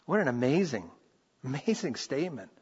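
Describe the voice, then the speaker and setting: A middle-aged man preaching a sermon as a pastor, earnest and animated, often restarting his phrases. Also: medium pitch, moderate pace, slightly rough. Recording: reverberant hall, muffled lo-fi sound.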